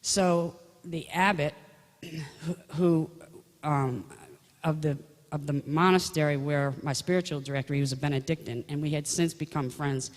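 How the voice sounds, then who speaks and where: In a hall with a long reverb, a woman with a deep voice gives a personal faith testimony at a moderate pace and in a steady tone. She tells it conversationally, like a story, and often restarts her sentences.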